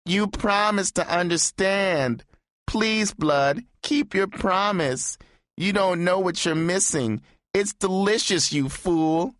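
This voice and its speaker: A man doing a shrill, sobbing effeminate young man. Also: slow pace, a bit bright, no echo, studio quality. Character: effeminate young man, pleading then spiteful.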